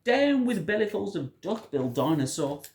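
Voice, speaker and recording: A storyteller doing a gentle young Tyrannosaurus with a high, plaintive hoot, pitched well above the storyteller's own voice. The voice swoops about, and the room gives it a roomy echo. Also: big pitch swings, moderate pace. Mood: protesting. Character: gentle young Tyrannosaurus who hates fighting.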